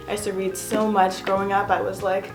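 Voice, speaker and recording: A woman's voice: mid-range voice, flat delivery, brisk, over music. A young woman giving a casual, self-mocking tour of her home art studio, chatty and giggly. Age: young adult. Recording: echoey room.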